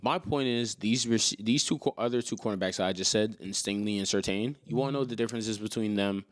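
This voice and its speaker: A man co-hosting a casual sports podcast, ranting and teasing in an animated way. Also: lowish voice, a little fast, no room sound. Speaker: podcast co-host.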